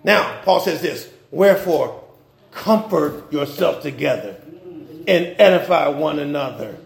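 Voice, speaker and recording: Male pastor, high gravelly voice, loose slangy sermon in an echoey church. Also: animated, unhurried. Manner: informal preaching with slang and humor, rising and dropping in intensity.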